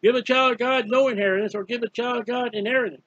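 A man's voice: very high voice, fairly even intonation, fast talker, a bit bright, dry recording. A man preaching a fervent, emphatic Bible study sermon, repeating key phrases. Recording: dull lo-fi dry recording.

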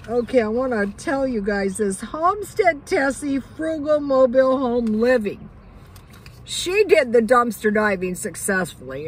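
A woman's voice: sits high, fairly bright tone, slight background noise, low-quality recording. An older woman vlogger chatting casually about living on a budget, rambling with lots of fillers.

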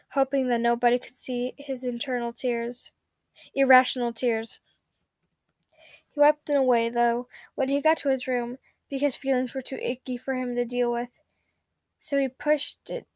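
High-voiced woman reading a story aloud. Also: no echo. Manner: steady, plain reading with small slips and self-corrections. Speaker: fanfiction reader.

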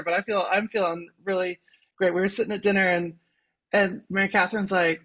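Giggly, excitable middle-aged woman. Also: fairly low pitch, fairly quick. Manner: laughing, repeats words when excited. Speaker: actress, interview guest. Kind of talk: casual interview chat.

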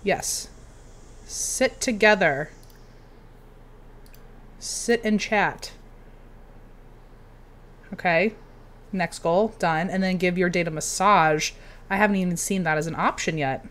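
A young woman giving casual, excitable commentary while playing a video game, cheering on her character. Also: on the low side, slow, long pauses. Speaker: game streamer.

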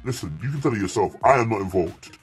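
A man voicing a nosy teenage schoolgirl who keeps pressing with repeated questions, in his own lower, husky voice. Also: expressive, quick pace, soft background music. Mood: dismissive.

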